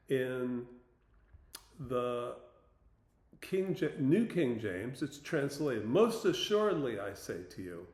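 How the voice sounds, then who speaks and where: A man in a roomy, echoing space gives a relaxed Bible lesson. He talks slowly and plainly, stopping now and then with an "um" to gather his thoughts. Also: mid-range voice. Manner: slow, plain-spoken, pausing with fillers. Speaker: Bible teacher. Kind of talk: informal Bible teaching talk.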